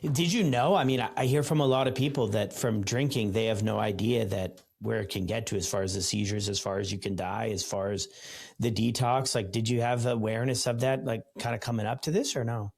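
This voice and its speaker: A man hosting a podcast interview who asks soft-spoken, slightly halting questions. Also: on the low side, vocal fry. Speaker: podcast host.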